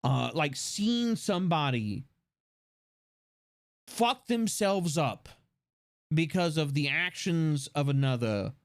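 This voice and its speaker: A man's voice: on the high side, animated, no room sound. Young male stream host, casual and joking, stop-start delivery, dry close-mic sound. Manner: joking, laughs often, halting restarts. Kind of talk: casual livestream chat.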